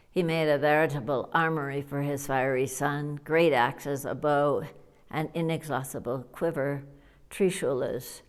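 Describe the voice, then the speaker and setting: A woman narrating an audiobook of a retold scripture in a measured, deliberate way. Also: rumbling low.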